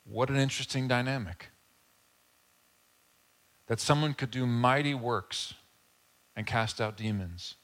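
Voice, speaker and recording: A man preaching a sermon in a conversational, casual way, with asides and quick acted-out quotes. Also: medium pitch, fairly bright tone. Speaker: pastor.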